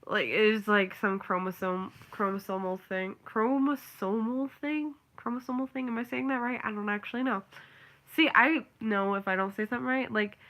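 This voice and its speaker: Bright-voiced young woman rambling casually. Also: medium pitch, a little fast. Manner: rambling, filler-heavy, ranting. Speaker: vlogger. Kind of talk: casual chat.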